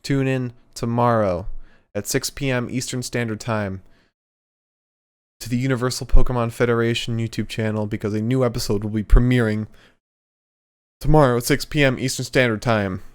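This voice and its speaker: Young guy podcast cohost, smooth clear voice, chill and jokey. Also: medium pitch, steady tone, moderate pace. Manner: laid-back, jokey sign-off patter. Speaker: podcast co-host. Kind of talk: casual chat.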